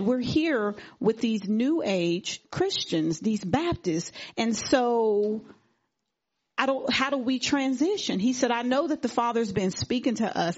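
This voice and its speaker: Woman giving an animated church testimony. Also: on the high side. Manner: animated retelling, acting out quoted dialogue. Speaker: congregation member giving testimony. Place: church fellowship service. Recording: dull lo-fi recording.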